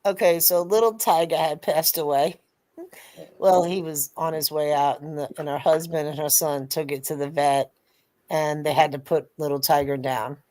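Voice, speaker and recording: A woman in casual pub-style chat, an animated storyteller who swears freely. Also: deep voice, normal speed. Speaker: co-host.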